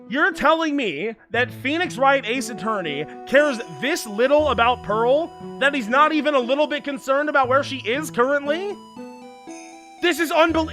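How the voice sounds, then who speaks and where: A young male streamer talks over a video game into a desk microphone, excitable and profane, often breaking into shouted rants. His voice is very high and bright, and faint game music plays in the background. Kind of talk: let's play commentary.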